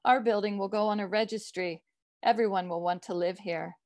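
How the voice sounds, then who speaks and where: A woman's voice: medium pitch, steady tone, normal speed, a little mellow, no echo, clean studio sound, close to an everyday voice. A woman reading the lines of a frail, dying elderly mother who speaks feebly. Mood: hopeful. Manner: feeble, croaking.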